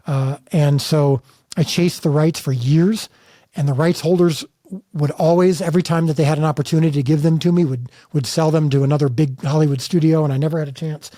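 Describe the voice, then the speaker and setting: Guest filmmaker, middle-aged man from the States, earnest and emphatic, mellow and dry. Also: on the high side, fairly even intonation, fairly quick, no room sound. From United States. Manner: earnest, emphatic storytelling with restarts. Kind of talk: candid interview conversation.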